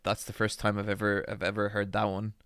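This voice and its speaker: A young Irish man whose accent carries a slight American tinge chats casually on a live stream, reading comments and rambling with ums and restarts. His voice sits on the low side and stays monotone, fairly quick, with a fairly bright, smooth tone. The studio-quality recording has no echo.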